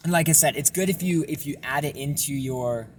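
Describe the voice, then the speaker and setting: A young man casually explaining a vocal technique in a relaxed, rambling way with lots of fillers. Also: fairly high pitch, a little fast, slight background noise. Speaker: self-taught vocal tutorial maker.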